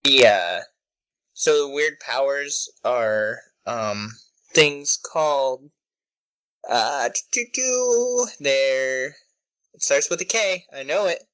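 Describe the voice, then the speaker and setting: A young man co-hosting a podcast, chatting casually with animated, incredulous reactions. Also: medium pitch, slow pace, clean tone, dry recording, low-quality recording. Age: young adult. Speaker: podcast co-host. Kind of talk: casual chat.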